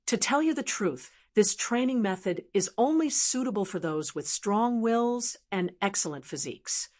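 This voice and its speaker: A woman's voice: medium pitch, lively intonation, normal speed, darkish tone, lightly acted. A woman doing a breezy young lord. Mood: amused. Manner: breezy, laughing.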